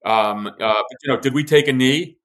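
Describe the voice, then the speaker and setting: A man's voice: medium pitch, normal speed, fairly bright tone. A man who used to be an intelligence officer, talking as a podcast guest. He speaks with force and conviction, stumbling over restarts and stacking fillers as his thoughts run ahead. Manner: emphatic, many restarts and fillers. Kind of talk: podcast conversation.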